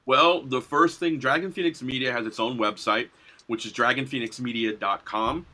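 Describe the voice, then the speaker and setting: A man's voice: medium pitch, normal speed. A middle-aged man talking eagerly and animatedly as a guest in a casual interview about his film and design work. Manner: enthusiastic and animated, laughs easily. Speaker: guest, filmmaker and graphic designer.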